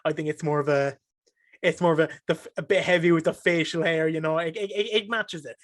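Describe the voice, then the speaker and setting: An excitable young Irish man with a high voice talks as a guest on a casual podcast. He gets emotional and animated as he speaks. The sound is dry and close-miked. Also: brisk, dry recording. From Ireland. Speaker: podcast guest, streamer and caster.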